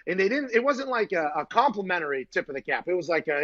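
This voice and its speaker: Excitable husky-voiced male sports host. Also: high voice, quick pace, muffled recording. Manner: loud, excitable, jokey storytelling. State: short on sleep. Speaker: sports talk show host. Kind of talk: casual sports chat.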